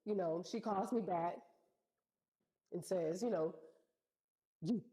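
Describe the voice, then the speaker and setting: A woman's voice: fairly low pitch, unhurried, rough recording. A woman telling a personal story in a casual, slangy way, acting out what people said. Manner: animated, slangy retelling with acted-out quotes.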